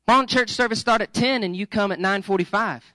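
A male pastor preaches with a very high, bright, ringing voice, joking and coaxing his congregation along. The sound is close and dry, with almost no room around it. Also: brisk, dry recording, rough recording. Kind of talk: sermon.

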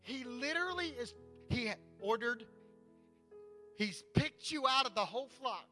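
A man's voice: extremely high pitch, animated, measured pace, bright, forceful tone, soft background music. A pastor preaching a sermon to his congregation, emphatic and repeating his points.

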